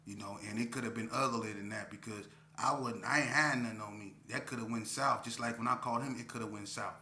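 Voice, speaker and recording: A man giving a casual monologue, talking slowly and repeating himself like a preacher. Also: mid-range voice, fairly even intonation, sharp tone, echoey room, a little hiss or hum. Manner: preachy street talk, repeats himself, drawn-out pauses. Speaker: vlogger.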